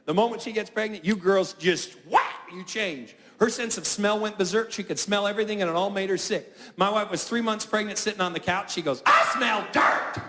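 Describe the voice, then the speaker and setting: A man's voice: high-pitched, a little fast, hardly any pauses, crowd noise. A married man doing a stand-up routine, telling stories and acting out his wife's lines, recorded live. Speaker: stand-up comedian. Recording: echoey live hall with noise.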